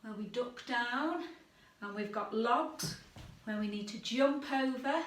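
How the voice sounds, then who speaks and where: A woman leading a drama warm-up video, chatty and lively, calling out game commands with energy. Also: a little high, takes it slowly, far from the mic, slight background noise. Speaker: drama workshop leader. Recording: echoey room, voice away from mic.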